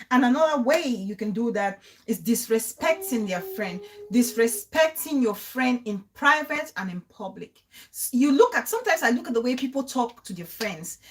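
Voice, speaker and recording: A woman's voice: a little high, a little hiss or hum. A young woman hosting a casual live-stream talk, chatting and repeating phrases for emphasis. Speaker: show host.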